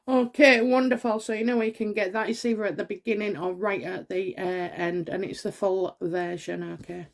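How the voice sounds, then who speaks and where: A middle-aged woman, hosting her own tarot channel and chatting to camera, excitable and rambling with many fillers and restarts. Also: mid-range voice, normal speed, a little hiss or hum. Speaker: tarot reader and channel host. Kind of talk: casual chat to camera.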